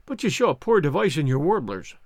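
A man voicing a bold, boastful Highland piper, cool and cutting, while reading a novel aloud. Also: very animated, brisk, no room sound, clean studio sound. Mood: taunting. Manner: cool, cutting, self-assured.

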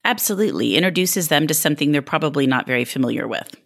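Low voiced woman host, asks curious questions, relaxed chat. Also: fast talker, gravelly. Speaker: interview host. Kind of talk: casual interview chat.

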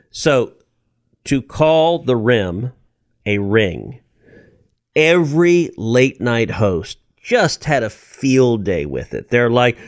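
A man in his fifties, a politician guest telling stories in a casual interview, animated and self-deprecating, often restarting words. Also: medium pitch, slow, no room sound, studio quality.

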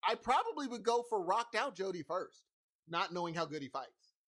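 A playful man co-hosting a podcast, with a high voice that swings widely. His tone is bright and sharp, and he chats in an animated, joking way. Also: normal speed. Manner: animated, playful, laughs often. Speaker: podcast co-host. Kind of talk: casual chat.

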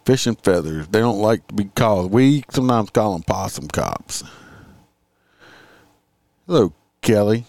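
A man's voice: lowish voice, animated, unhurried, creaky, long pauses, a little mellow, no echo. A man hosting a casual livestream, reading out crime stories and chatting with his viewers in a sarcastic, profane, rambling way.

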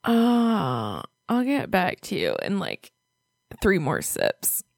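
A young woman co-hosting a podcast in casual chat, animated, laughing often and swearing casually. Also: on the low side, takes it slowly, gravelly, no room sound, clean studio sound. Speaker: podcast co-host.

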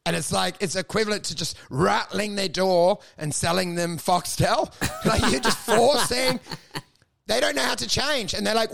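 A man's voice: high-pitched, normal speed, creaky, a bit bright. A man riffing as a podcast co-host, rambling and self-mocking with plenty of swearing. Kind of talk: casual comedic podcast chat.

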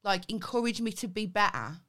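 A woman's voice: medium pitch, expressive, a little fast, fairly bright tone. A woman co-hosting a comedy podcast in casual chat, defensive and earnest, laughing often. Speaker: podcast co-host.

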